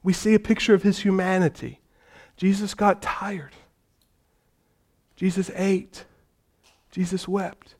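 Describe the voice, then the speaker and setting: A male pastor preaches animatedly, moving from hushed, gentle passages into loud, vivid storytelling. His voice sits high, and he goes slowly with frequent pauses.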